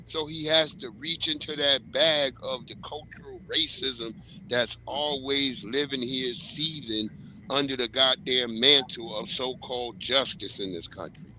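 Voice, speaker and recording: A man's voice: medium pitch, a little slow, bright, forceful tone, a little hiss or hum, poor audio. A man in a casual panel discussion, blunt and heated, cursing freely.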